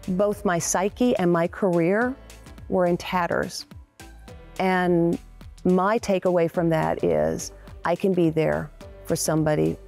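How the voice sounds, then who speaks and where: A woman's voice: on the low side, vocal fry. A woman in her sixties, a guest in a TV interview, telling personal stories candidly and acting out the dialogue. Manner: candid and animated, acts out quoted dialogue. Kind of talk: conversational storytelling.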